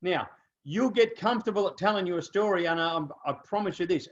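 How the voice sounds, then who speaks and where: Aussie guy running a sales training, high voice, dull lo-fi audio, keeps going "right?". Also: a little fast. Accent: Australian. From Australia. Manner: animated storyteller, acts out dialogue, keeps checking in with "okay?" and "right?". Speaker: business trainer. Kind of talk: motivational training talk.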